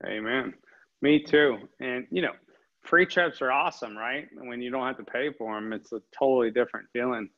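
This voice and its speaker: A man's voice: mid-range voice, moderate pace. A man hosting a casual interview, upbeat and encouraging, asking long rambling questions. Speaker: host. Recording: slightly dull lo-fi audio.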